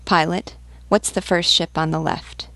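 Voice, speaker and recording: A woman's voice: fairly low pitch, fairly even intonation, unhurried, gravelly, pushed and bright, no room sound, heavily acted. A woman reading the lines of a terse male naval captain preparing for battle, in clipped questions.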